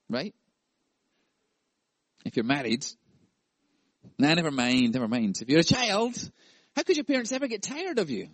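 A man's voice: on the high side, sing-song, moderate pace, pauses often, breathy edge, dry recording. A male pastor preaching a sermon, playful and jokey, acting out voices.

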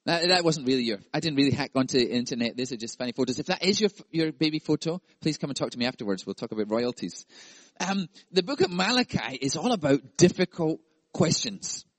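A man's voice: a little high, lively intonation, quick pace, no room sound. A male pastor preaching a sermon, playful and jokey, acting out voices.

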